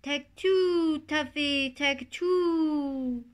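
A silly storybook turtle dove, as a woman puts it on, cooing its call in a sing-song way, far higher and louder than her own reading voice. It is heedless and keeps repeating itself. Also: drawn-out words.

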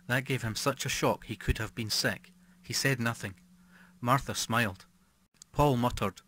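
Male audiobook narrator, measured and even, mid pitch, dry booth sound. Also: no echo. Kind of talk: scripted storybook narration.

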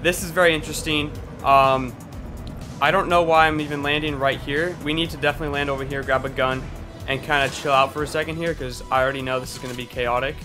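Excitable young man, gameplay commentary. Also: on the high side, music in the background. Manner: hyped, exclamatory, quick asides. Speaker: gaming YouTuber.

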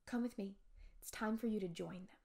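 A woman teacher voicing a calm, menacing dead man while reading a chapter book aloud, speaking low and soft. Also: a little fast, creaky, natural voice. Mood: ominous.

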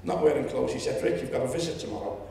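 Seventies Liverpool man, gravelly, public speech, roomy distant hall sound. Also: medium pitch, expressive, racing, slight background noise. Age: 70s. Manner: storytelling, rising to loud indignation. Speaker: public meeting speaker. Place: lecture hall. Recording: echoey hall, distant mic.

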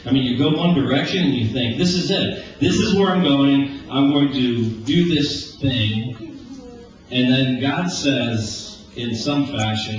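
A man in his forties preaching a casual, conversational sermon. He jokes and acts out everyday conversations in lively voices. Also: medium pitch. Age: 40s. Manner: animated and joking, acting out everyday dialogue. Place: church sanctuary. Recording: echoey church, distant, dull lo-fi with hiss.

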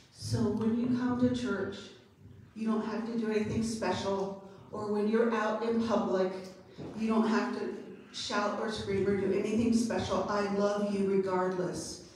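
A middle-aged woman pastor giving a children's sermon and then a sermon, playful and gentle with the kids, then measured. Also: mid-range voice, flat delivery, slight background noise. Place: church sanctuary. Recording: very echoey church from far off.

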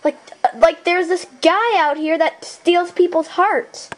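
A woman's voice: extremely high pitch, a little slow. A woman doing improvised toy role-play, voicing several dolls in a playful manner with sudden squeals.

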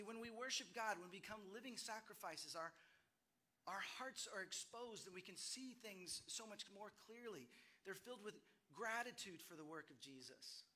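A man, a pastor, preaching an earnest sermon in short emphatic phrases, often repeating a line for weight. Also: high voice. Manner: reads aloud from his journal in a quieter, reflective tone.

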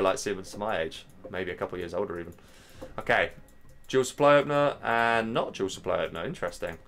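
A man's voice: low-pitched, a little hiss or hum. Chatty man casting a game stream. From England. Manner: chatty, addresses the chat directly, gets excited at plays. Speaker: stream host and caster. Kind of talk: live game commentary.

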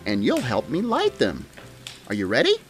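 A woman's voice: very deep voice, wildly swooping pitch, moderate pace, full character voice. A woman voicing a cheerful female talking Christmas tree who leads a crowd, with a bubbly, giggly, sing-song manner, over jingle bell music. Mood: excited. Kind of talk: children's show character voice.

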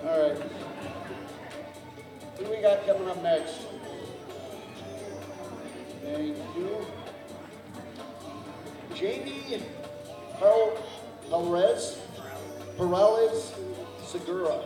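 High-voiced man emceeing in an echoey hall. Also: takes it slowly, pauses often. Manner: jokey, stumbles over contestants' names and asks the crowd for help. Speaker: cosplay contest emcee. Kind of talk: live event emceeing. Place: large convention hall. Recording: echoey hall, mic from far off, music and crowd behind. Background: music and a cheering crowd.

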